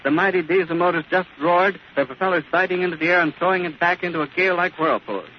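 A man's voice: high voice, quick pace. Man giving vivid live commentary on an old archival recording. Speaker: radio reporter. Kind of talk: live outdoor eyewitness commentary. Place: airfield outdoors beside a hangar. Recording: scratchy, muffled 1930s archival recording.

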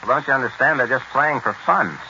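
A man narrating in a brisk, explanatory way, in a 1940s radio documentary. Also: medium pitch, bright, forceful tone, slight background noise. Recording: dull lo-fi 1940s radio recording.

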